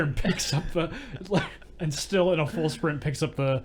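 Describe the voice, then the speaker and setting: A man's voice: on the high side, a little slow. A man co-hosting a movie podcast, eagerly recounting his favourite scenes in casual chat. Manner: enthusiastic, acts out favourite lines. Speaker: podcast co-host.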